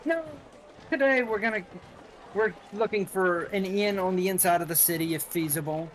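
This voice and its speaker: High-voiced male player, short answers. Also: moderate pace, fairly bright tone, slight background noise. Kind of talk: tabletop game chat.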